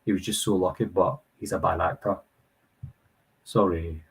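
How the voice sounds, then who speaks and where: British man, 30s, live stream host, husky voice, lowish pitch, casual chat. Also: steady tone, normal speed, low-quality recording. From United Kingdom. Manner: chatty, reads viewer comments aloud and answers them.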